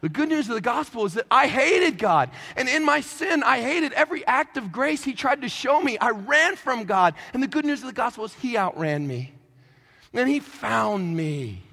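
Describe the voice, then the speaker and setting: Male pastor, lively comic sermon, high pitch, echoey hall. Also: normal speed, gravelly. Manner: animated, joking, rising to shouts.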